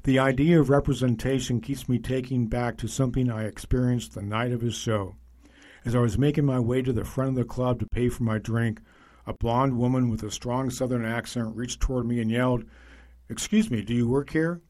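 A man narrating a magazine feature in a measured, scripted reading voice. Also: mid-range voice, little pitch movement, darkish tone.

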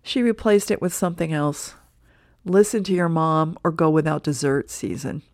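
A woman's voice: deep voice, moderate pace, darkish tone, dry recording, clean studio sound. A woman voicing a sheepish young boy who talks hesitantly, read from a newspaper comic strip.

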